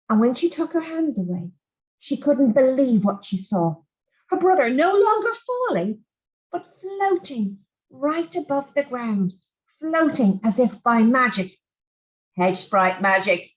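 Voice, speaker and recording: A woman reading a children's farm story aloud in an expressive, animated storybook style. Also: sits high, moderate pace, rough recording.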